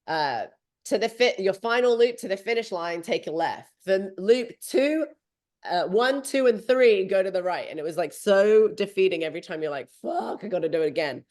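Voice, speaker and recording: A woman in her thirties hosting a podcast, telling a story in a lively, casual way and swearing freely. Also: medium pitch, normal speed. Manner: animated, swearing freely, acting out her own thoughts. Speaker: podcast host.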